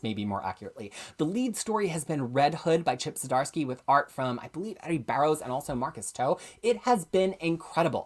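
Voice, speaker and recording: A woman hosting a live comics review stream, chatty and enthusiastic, often correcting herself as she goes. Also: rumbling low.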